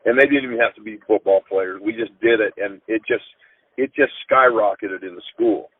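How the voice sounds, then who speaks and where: A middle-aged man, a football coach, telling an emotional story in an interview, earnest and halting with frequent restarts. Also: on the low side, husky, dry recording. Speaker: high school football coach. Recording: tinny phone-line sound.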